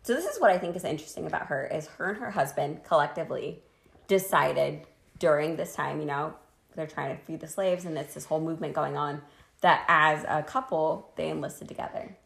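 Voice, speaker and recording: A woman's voice: low voice, fairly quick, vocal fry, roomy sound. A woman co-hosting a casual podcast chat, telling a history story in a crude, joking way and laughing often, a bit tipsy from wine. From Washington state, US.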